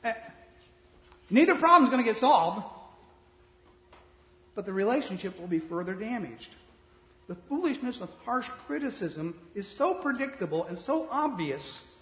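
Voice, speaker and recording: A male pastor giving a sermon in a blunt, conversational manner, shifting between soft asides and loud emphasis. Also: sits high, sing-song, moderate pace, long pauses. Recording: reverberant hall.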